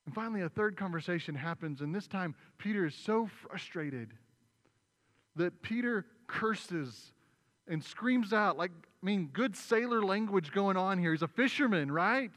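Storytelling pastor in an echoing hall. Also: male voice, sits high, lively intonation, a little slow, a bit bright. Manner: storytelling, acting out voices. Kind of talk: sermon. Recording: long reverb in a large hall.

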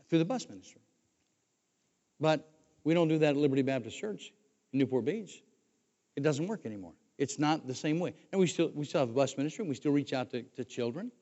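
Older pastor preaching in a reverberant church. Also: male voice, fairly high pitch, dark tone. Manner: conversational, repeats words as he restarts. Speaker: former pastor, guest preacher. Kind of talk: sermon. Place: church sanctuary. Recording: dull recording with long hall reverb.

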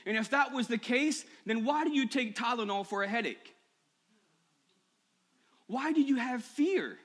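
A male pastor preaching a personal sermon to his church, moving from quiet confession to impassioned, rising appeals. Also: extremely high pitch, expressive, a little slow. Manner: personal, builds to impassioned shouting. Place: church sanctuary.

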